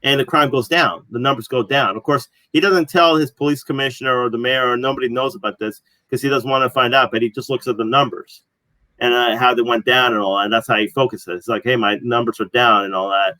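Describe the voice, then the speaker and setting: Casting note: man, casual podcast co-host, rambling storyteller, bright, dry close sound. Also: medium pitch, steady tone, quick pace, no room sound, low-quality recording. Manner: rambling, filler-heavy storytelling. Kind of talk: casual chat.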